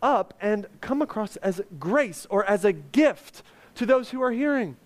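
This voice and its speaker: A man's voice: high voice, expressive, a little slow. A male pastor preaching a sermon, earnest and conversational with touches of humor.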